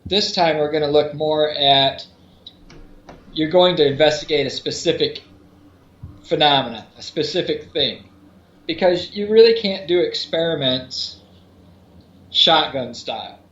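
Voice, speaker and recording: A man's voice: fairly high pitch, unhurried, pauses often, a bit bright. Rambling man on echoey lo-fi audio. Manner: rambling, many restarts and fillers. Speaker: podcast co-host. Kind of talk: casual explanatory podcast talk. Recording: echoey, dull lo-fi remote audio.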